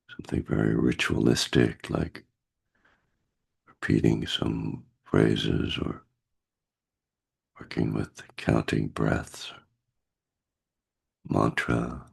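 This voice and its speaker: Man, meditation teacher, husky from a cold, very deep voice, slow gentle guidance, video call. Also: steady tone.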